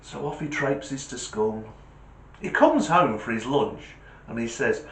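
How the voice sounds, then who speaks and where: A man, hosting a comedy channel and telling jokes in an animated, punchy way. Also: mid-range voice, a little slow. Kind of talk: joke telling. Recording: echoey room.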